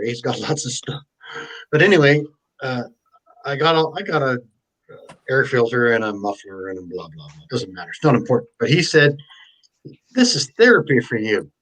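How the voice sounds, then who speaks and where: Casting note: man in a casual live chat, mid-pitched, supportive, rambling, trails off into "blah, blah.". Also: fairly bright tone, breathy edge, rough recording. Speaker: live stream guest.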